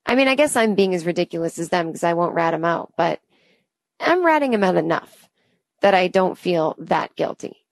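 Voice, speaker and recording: A woman in her thirties hosts a podcast and tells a comic story from her own life. She talks in an exasperated, rambling, self-deprecating way, in a lowish voice. The sound is dry and close. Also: expressive, moderate pace, gravelly, dry recording. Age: 30s. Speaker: podcast host. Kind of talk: comedic storytelling monologue.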